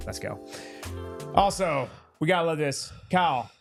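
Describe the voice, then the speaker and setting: A man's voice: on the high side, animated, unhurried, gravelly, long pauses, over music. A man hosting a casual sports talk show, reading an ad with hammy enthusiasm and teasing his co-hosts. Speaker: podcast host. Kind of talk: casual sports chat with live ad read.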